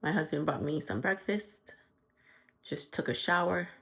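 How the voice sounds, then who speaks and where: Breathless, gravelly woman vlogging. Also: low-pitched, animated, fairly bright tone. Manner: weary, halting and breathless, often near a whisper. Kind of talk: casual video diary.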